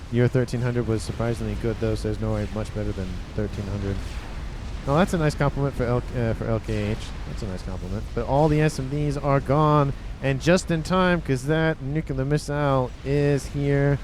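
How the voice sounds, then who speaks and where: A man casually commentating a strategy game replay, reacting excitably as the action unfolds. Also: medium pitch, noisy background. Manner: excitable, quick reactions, often exclaims "oh".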